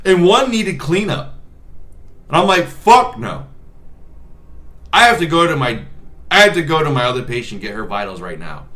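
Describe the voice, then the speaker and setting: Guy nurse vlogging, swears constantly, rambly storytelling, bright tense tone. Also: a little high, sing-song. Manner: profane, rapid rambling storytelling. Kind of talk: casual storytelling vlog.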